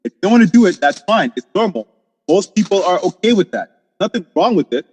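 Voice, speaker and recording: A man co-hosting a casual podcast discussion, emphatic and opinionated, talking in quick bursts. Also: high-pitched, big pitch swings, a little mellow, slightly rough, big-room sound. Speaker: podcast co-host.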